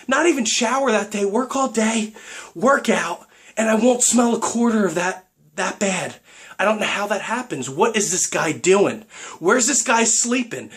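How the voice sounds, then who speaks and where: Very high-voiced man ranting. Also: breathy edge. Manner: excitable, profane, keeps asking "right?". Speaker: fitness vlogger. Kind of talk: comedic gym rant.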